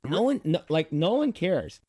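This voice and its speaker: Male reaction host, blunt and profane, rambling, somewhat high voice, dry close recording. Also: sing-song, a little slow, a little mellow, no room sound. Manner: blunt, profane, reads comments aloud with rambling restarts. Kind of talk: casual reaction commentary.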